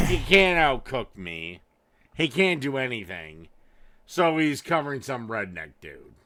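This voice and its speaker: A man's voice: mid-range voice, very animated, slow pace, sharp tone, no echo. A man commenting in a smug, taunting way about a rival.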